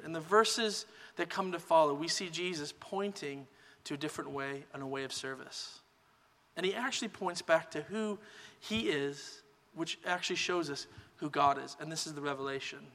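A man preaching a sermon as pastor, in a relaxed conversational teaching manner. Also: fairly high pitch, big-room sound. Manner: relaxed conversational teaching, many "kind of" hedges.

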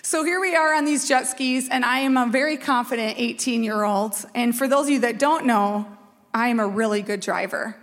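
Woman pastor in her forties, from minnesota, storytelling sermon, slightly high voice, long church-hall reverb. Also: moderate pace. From Minnesota, USA. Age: 40s. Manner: lively, chatty, self-mocking, often checks in with "okay?". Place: church sanctuary.

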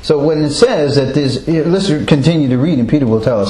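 A man's voice: a little high, lively intonation, brisk, few pauses, over music. A man leading a Bible study, asking the group questions and chuckling often as he explains. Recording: roomy echo, faint background noise.

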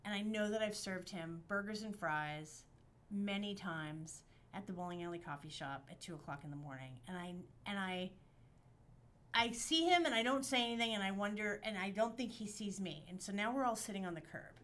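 A woman on a podcast telling a story in casual chat, animated and profane, acting out the quotes. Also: mid-range voice, normal speed, slight background noise. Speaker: podcast guest.

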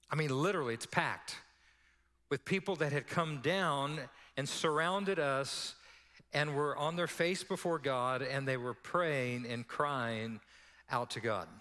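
A man's voice: a little high, pushed and bright. A male pastor telling a story in a sermon, acting out the dialogue as he goes. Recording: long hall reverb.

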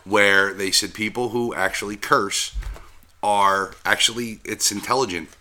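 Lower-voiced, very bright-toned man cohost. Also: steady tone, unhurried. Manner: laughing, teasing, profane. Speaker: podcast co-host. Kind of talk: casual podcast chat.

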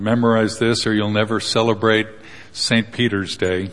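A man's voice: on the low side, level tone, normal speed, a bit bright. A man preaching a sermon in a casual, joking way, retelling Bible passages with little acted quotes. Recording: long hall reverb.

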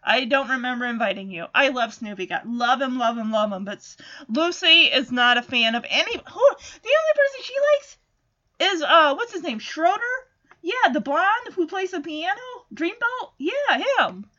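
A woman casually recapping a cartoon in an animated, chatty way. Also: sits high, moderate pace, dull audio. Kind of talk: casual chat.

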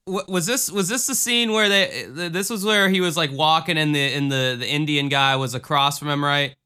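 A man co-hosting a casual podcast, ranting with sarcasm and plenty of swearing and filler words. His voice is bright and a bit higher than usual, edging toward tense. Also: normal speed, smooth. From American South. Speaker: podcast co-host.

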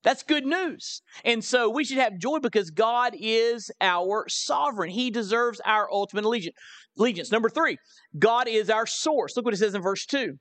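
A Southern American pastor with a fairly high voice preaches live from the pulpit. He hammers his points home with repetition and asks the congregation to respond. The sound carries the long, ringing reverb of a large church sanctuary. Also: animated, moderate pace, fairly bright tone. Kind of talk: sermon.

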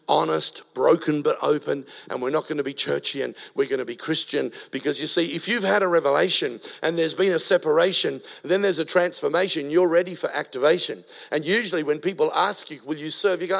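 A man's voice: a little high, creaky. A man in his sixties from Australia, preaching a sermon with rhythmic rhyming lines and storytelling asides. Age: 60s. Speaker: pastor.

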